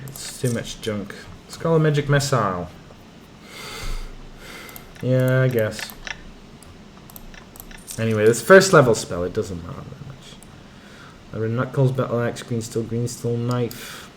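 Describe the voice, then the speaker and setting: Game music runs under a man's mid-range voice, along with a little hiss or hum. At a measured pace with long pauses, this streamer casually comments on his game, reading its text aloud and adding muttered asides.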